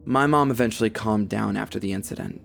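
Gravelly young man narrating horror. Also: fairly low pitch, quick pace, faint music behind. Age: young adult. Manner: steady, tense first-person telling.

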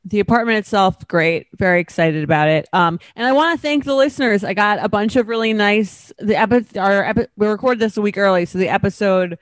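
A woman's voice: medium pitch, brisk, few pauses, no room sound. A woman co-hosting a podcast in casual chat, talking with a slight lisp from new braces. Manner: chatty, frequent fillers. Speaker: podcast co-host. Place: her apartment, recorded over a video call.

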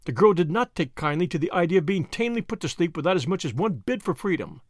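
Expressive male audiobook narrator. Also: high voice, no room sound, studio quality. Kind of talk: scripted novel narration.

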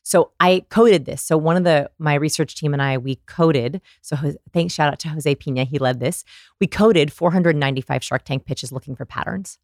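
A woman guest on a podcast, explaining research in an animated, storytelling way and acting out examples. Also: deep voice, normal speed, no echo, studio quality. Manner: animated storyteller, demonstrates voices. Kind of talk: conversational explaining.

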